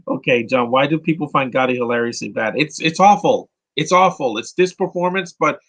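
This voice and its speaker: Opinionated man from New York, bright voice. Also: mid-range voice, fairly quick, few pauses, rough recording. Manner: opinionated and rambling, with frequent restarts. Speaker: podcast host. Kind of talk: live movie commentary, answering chat questions.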